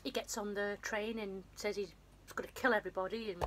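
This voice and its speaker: A woman's voice: medium pitch, steady tone, a little fast, fairly bright tone. Woman, casual film recap, rambling, self-deprecating, runny nose, faint noise behind. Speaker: vlogger.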